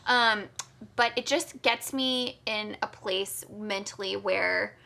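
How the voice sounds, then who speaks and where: A woman's voice: mid-range voice, slow pace, gravelly, pushed and bright. A woman co-hosting a podcast, chatting candidly and casually with many "like" fillers. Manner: candid, filler-heavy, frequent "like". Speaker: podcast co-host. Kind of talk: casual conversational chat.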